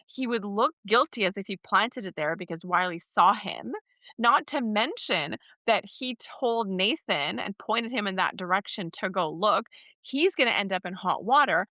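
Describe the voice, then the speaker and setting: Bright-voiced woman chatting on a podcast. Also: mid-range voice, unhurried, no echo, studio quality. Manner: animated, acts out quotes in other voices. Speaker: podcast co-host. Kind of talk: casual chat recapping a soap opera.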